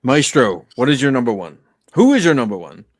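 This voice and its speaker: A man's voice: mid-range voice, sing-song, fairly quick, no room sound, studio quality. A man co-hosting a casual podcast, telling heartfelt stories and acting out quoted lines. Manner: earnest storytelling, acts out quotes. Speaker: podcast co-host.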